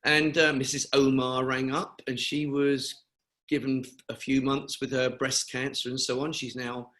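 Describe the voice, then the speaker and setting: On a video-call webinar, the elderly English founder of a cancer charity chats his way through lengthy stories, often using fillers and starting over. He speaks at a measured pace in a medium-pitched, fairly bright voice with little rise and fall.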